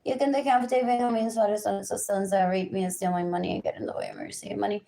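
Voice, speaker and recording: A livestreamer with a warm, creaky mid-range voice races through an unscripted rant, her pitch swinging widely. She's agitated, chants the same lists repeatedly, and moves between English and Spanish mid-sentence.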